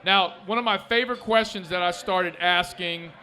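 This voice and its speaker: A man hosting a sports podcast with a high, bright voice, joking and animated as he fires off quick questions. He is recorded live in a restaurant. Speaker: podcast host. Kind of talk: casual interview.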